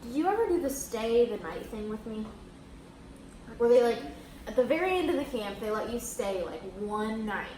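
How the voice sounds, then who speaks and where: A woman's voice: a little high, expressive, moderate pace, a little mellow. Chatty young woman in an echoey room. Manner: chatty, filler-heavy storytelling with laughs. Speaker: host. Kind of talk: casual mukbang chat. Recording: echoey room with faint noise.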